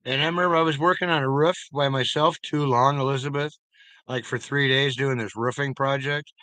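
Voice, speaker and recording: A man's voice: medium pitch, steady tone, fairly quick, sharp tone, no echo. A man chatting casually with his viewers, telling loose, profane stories and chuckling along as he rambles.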